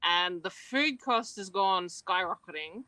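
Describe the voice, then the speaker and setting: A woman's voice: fairly low pitch, expressive, a little slow, pushed and bright, poor audio. An Australian woman in her forties, talking hesitantly with many ums on a video call into a live show. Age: 40s. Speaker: caller. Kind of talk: casual video call chat.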